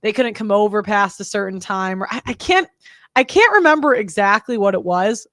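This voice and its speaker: A young woman hosts a podcast, delivering a casual, opinionated monologue that's blunt and rambling, full of fillers and restarts. Her mid-range voice is animated and fairly bright at a normal speed, recorded dry at studio quality.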